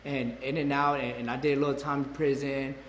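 A man's voice: mid-range voice, flat delivery, brisk, a little hiss or hum. A man in his forties telling his own life story in a rambling way, with many restarts and fillers. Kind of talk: personal testimony. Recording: echoey hall with long reverb, faint ambience.

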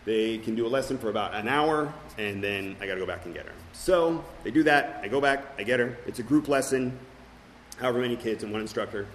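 A man's voice: medium pitch, a little fast, slight background noise, poor audio. A middle-aged man sharing his recovery story as personal testimony at a meeting, earnest and full of fillers and restarts.

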